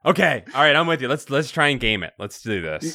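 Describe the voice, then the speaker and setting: Bright playful male co-host. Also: mid-range voice, sing-song, fast talker, gravelly, no echo, studio quality. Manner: playful, laughing. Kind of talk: casual chat.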